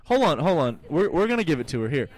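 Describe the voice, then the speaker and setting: A man's voice: fairly high pitch, fast talker. A man hosting a podcast in a small home studio, joking and interrupting in a casual chat. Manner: lively, joking, interrupts often. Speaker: podcast host.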